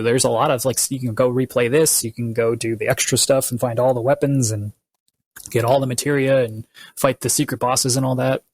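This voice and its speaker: A man's voice: medium pitch, no echo. A man in casual podcast chat, walking through a long recap with plenty of fillers and restarts. His voice sits in a middle register and sounds close and dry, with no room around it. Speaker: podcast co-host.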